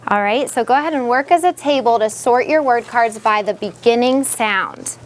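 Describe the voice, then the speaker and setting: A woman teacher in a classroom, patiently guiding young students and sounding out words slowly. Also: on the high side.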